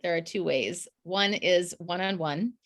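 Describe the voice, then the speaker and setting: A woman from the US Midwest, a communications coach talking as a podcast guest in an energetic, demonstrative way. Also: on the low side, a little slow. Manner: energetic, demonstrative, laughs often. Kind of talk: conversational podcast interview.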